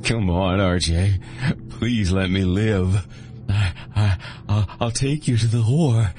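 Give me a man voicing a terrified thug in an audiobook, stammering and pleading in a high, strained voice. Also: a little slow, a bit bright, faint music behind. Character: terrified beaten male thug begging for life.

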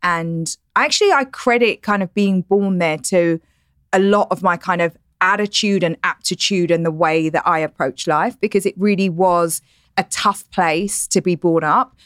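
A woman in her forties from East London with a softened East London accent, a guest chatting candidly in a podcast interview, laughing easily and filling her talk with "like" and "you know.". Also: on the low side, dry recording, clean studio sound. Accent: East London English, softened. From East London, England. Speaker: guest entrepreneur. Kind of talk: casual interview chat. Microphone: studio podcast mic.

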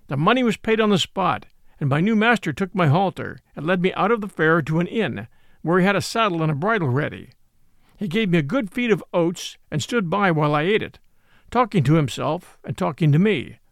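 A man's voice: sits high, brisk, creaky, no room sound, studio quality. A man narrating a classic novel aloud as storybook narration, reading expressively and voicing every part. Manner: expressive reading, voices all parts.

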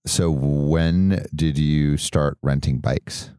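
A man with an extremely deep, dark voice asks brief, prompting questions to draw out a parent's story. The recording is dry and close, with no room sound. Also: steady tone, extremely slow, smooth, no echo. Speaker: interviewer asking his father questions. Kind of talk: casual interview questions.

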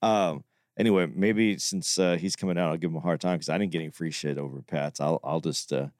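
A man's voice: sits low, fairly even intonation, quick pace, darkish tone, no echo, clean studio sound. A man co-hosting a comedy podcast, laid-back and profane, telling short stories. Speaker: podcast co-host. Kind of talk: casual podcast chat.

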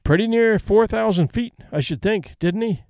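This is a breezy young airman in a storybook reading, polite and clipped with a hearty edge, done by a male narrator. His voice sits a little high, and the recording is dry and close. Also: moderate pace, a little mellow, no echo.

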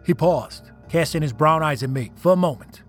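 A man's voice: fairly high pitch, moderate pace, faint music behind. A man reading a first-person story aloud, telling it dramatically and with emotion. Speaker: narrator. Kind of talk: first-person scripted narration.

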